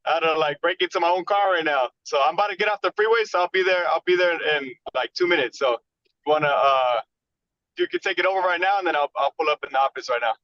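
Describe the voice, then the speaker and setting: A man's voice: a little high, a bit bright. A man calling into a meeting from his car, explaining in a rush why he is late. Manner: hurried, rushed explanation. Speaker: sales rep calling in. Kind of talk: casual call-in update. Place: driving in car on freeway. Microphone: phone call on speaker. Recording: dull lo-fi call audio.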